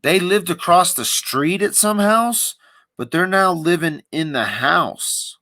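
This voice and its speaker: A man's voice: sits high, expressive, slow pace, pushed and bright, dry recording. A man giving casual, rambling live commentary as the host of a livestream, with a wry, thinking-aloud manner.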